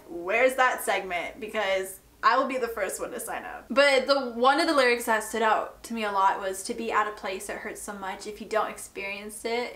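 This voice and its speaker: A woman's voice: mid-range voice, pushed and bright. A young woman giving a casual, emotional reaction to music, rambling and trying not to cry. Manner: emotional, rambling, fighting back tears. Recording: roomy echo with music playing behind.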